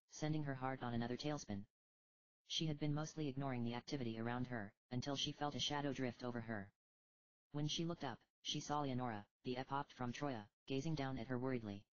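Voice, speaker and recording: A woman with a low voice narrates a fantasy storybook in a steady, even manner. The recording is dry and close, with a slightly muffled, dull tone. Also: dry recording. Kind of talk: audiobook reading of fan fiction.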